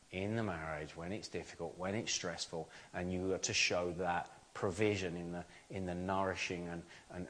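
A man, a pastor, preaching a sermon in an earnest, conversational way, with rhetorical questions and frequent restarts. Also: on the low side.

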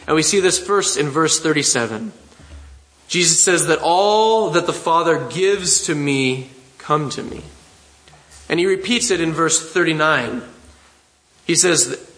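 Earnest higher-voiced male preacher. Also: fairly bright tone, reverberant, low-quality recording. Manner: measured, earnest expository preaching with slow emphatic phrases. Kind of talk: sermon.

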